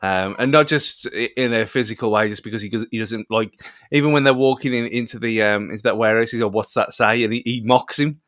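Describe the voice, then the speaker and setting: A man gives his film opinions in a loose, rambling podcast chat, often restarting his sentences. His voice is mid-pitched. The recording is dry and close-miked. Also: fast talker, few pauses, a bit bright, no room sound. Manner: rambling, many restarts and fillers. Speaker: podcast co-host. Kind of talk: casual film review chat.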